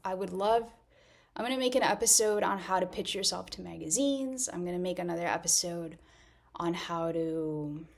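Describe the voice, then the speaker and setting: A woman's voice: fairly low pitch, normal speed, creaky. A woman from Mexico, an actress, chatting casually in a vlog, rambling and laughing often. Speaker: actress and content creator.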